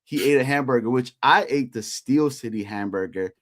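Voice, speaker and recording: A man's voice: medium pitch, moderate pace. A man chatting casually on a sports show, recalling a meal in a laid-back way. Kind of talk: casual chat.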